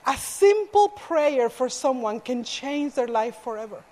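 Slow-spoken woman preaching in an echoey hall. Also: sits high, expressive, darkish tone. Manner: earnest storytelling with self-deprecating asides. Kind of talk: sermon with personal story.

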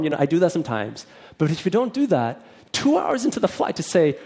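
A man's voice: on the high side, sing-song, quick pace, a little mellow. A man who is a minister, telling a personal testimony in a chatty storytelling way and acting out both sides of the conversation.

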